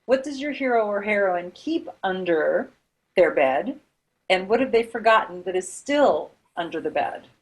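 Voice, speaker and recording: A woman's voice: medium pitch, expressive, normal speed, husky, low-quality recording. A woman co-hosting a writers' podcast in a casual chat, talkative and given to fillers and laughter. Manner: chatty, laughs often, hesitant fillers. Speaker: podcast co-host.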